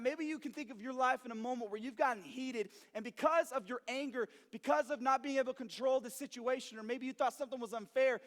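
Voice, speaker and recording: A young man preaching to a youth group, lively and animated, who acts out every character in his story. His voice sits very high for a man. It rings with a long reverb from a large hall. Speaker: youth pastor.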